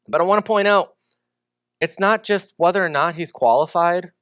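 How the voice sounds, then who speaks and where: High-pitched pastor guy, chatty sermon, dry close sound. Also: normal speed, a bit bright, clean tone, no room sound. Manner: conversational with joking asides.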